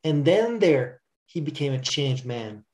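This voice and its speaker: A male preacher tells a story during a sermon, reading it aloud in an earnest, measured way. He sometimes stumbles over a word and then picks it back up. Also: fairly high pitch, big pitch swings, darkish tone.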